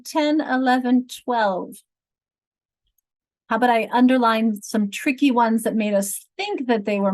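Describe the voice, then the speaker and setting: A woman's voice: a little high, a little mellow, no room sound, rough recording. A woman leading a teacher-training session on reading, explaining patiently and checking in with rhetorical questions. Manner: explanatory, counts words aloud and asks rhetorical checks. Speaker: literacy trainer.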